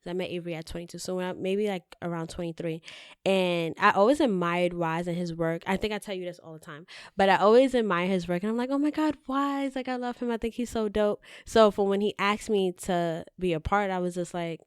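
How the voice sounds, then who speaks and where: A woman speaking as a guest in a casual interview, candid and animated, cursing freely as she tells her stories. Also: lowish voice, brisk, clean tone, no room sound, clean studio sound. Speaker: podcast guest, editor-in-chief.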